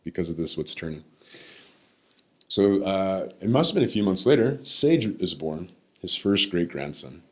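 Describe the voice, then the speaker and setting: A man's voice: deep voice, sing-song, normal speed, fairly bright tone, breathy edge. A man in his thirties, a podcast guest, telling a personal story in a reflective way and sometimes acting out what others said. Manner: reflective, acts out the voices of others.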